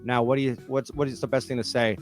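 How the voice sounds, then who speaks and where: A man's voice: mid-range voice, little pitch movement, fast talker, faint music behind. A man, hosting a podcast interview in a playful, teasing, mock-formal way. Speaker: podcast host. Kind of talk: casual interview.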